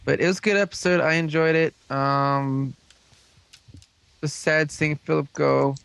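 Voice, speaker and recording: A man's voice: on the high side, steady tone, a little slow, vocal fry, fairly bright tone, clean tone, dry recording. Rambling man retelling a show. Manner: rambling recap, acts out characters' lines. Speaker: podcast host recapping a show. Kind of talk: casual chat over a voice call.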